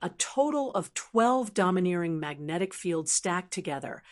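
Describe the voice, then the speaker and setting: A woman's voice: lowish voice, expressive, normal speed. Woman narrating a fantasy audiobook. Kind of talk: scripted narration.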